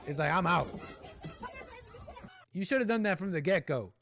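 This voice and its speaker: A man's voice: high-pitched, animated, fast talker, some chatter behind, a little hiss or hum. A man hosting a livestream, giving rambling, opinionated commentary on a video clip and talking back at the people in it. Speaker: livestream host.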